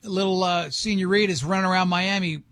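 A man's voice: sits high, fairly even intonation, a little fast, a bit bright, dry recording. A middle-aged man hosting a talk show, telling rambling, joking stories in casual chat. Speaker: radio show host.

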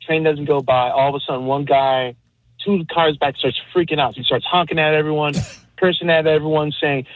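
A man calling in to a radio show to tell an animated story. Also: a little high, fairly quick, no echo. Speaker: caller. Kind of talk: telling a story on a call-in show. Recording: tinny phone line.

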